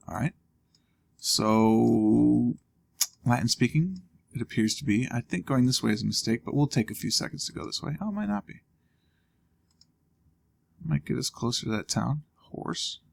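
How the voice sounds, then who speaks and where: A man's voice: medium pitch, creaky. A man hosting a let's play, casually thinking aloud with wry asides as he plays. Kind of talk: casual gameplay commentary.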